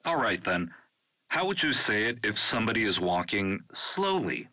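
A man hosting a broadcast program, introducing segments in a lively, announcing manner. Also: lowish voice, normal speed, no echo. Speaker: radio program host. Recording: muffled studio broadcast audio.

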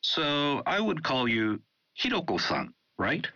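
A man co-hosting a language lesson, asking and confirming points briskly. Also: medium pitch, wildly swooping pitch, bright, forceful tone, dry recording. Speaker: co-host learner. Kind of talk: scripted lesson dialogue. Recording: dry, dull studio sound.

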